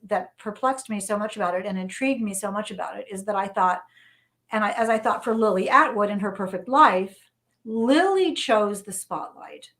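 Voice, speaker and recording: A middle-aged woman, a journalist and novelist, telling lively anecdotes as an interview guest and repeating phrases for emphasis. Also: medium pitch. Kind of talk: conversational storytelling interview.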